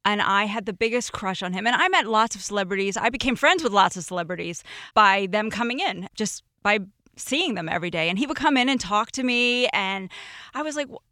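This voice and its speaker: A woman guest on a podcast, telling a personal story in casual chat, animated and prone to trailing off and restarting. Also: medium pitch, a little fast, no room sound, clean studio sound. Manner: animated, acts out quoted voices.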